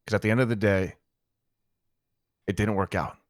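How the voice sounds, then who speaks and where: A man voices a gang member in online roleplay, telling a friend a fiery, cuss-laden story of recent events. He speaks at normal speed with a fairly low pitch and fairly even intonation, in clean studio sound without any room noise.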